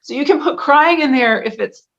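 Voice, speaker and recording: A woman's voice: high voice, normal speed, fairly bright tone. Chatty laughing woman, lo-fi audio. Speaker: interview guest. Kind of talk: casual interview talk. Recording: dull lo-fi audio.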